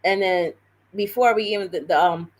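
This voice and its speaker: Woman rambling thru a story on her live stream, lots of um and like, mid pitch. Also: moderate pace, poor audio. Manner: rambling, animated retelling with many fillers and self-corrections. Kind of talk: casual storytelling.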